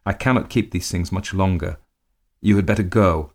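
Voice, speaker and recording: A ruined gentleman speaks in a deep, grim, sullen voice, as a man reads him, brooding and curt, with bursts of anger in a storybook telling. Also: moderate pace. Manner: sullen and grim, flaring into rage.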